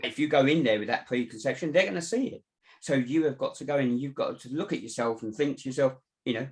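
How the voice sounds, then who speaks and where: A mindset coach speaks quickly in a mid-range voice, offering earnest advice in a casual conversation. He frequently drops "you know" as a filler.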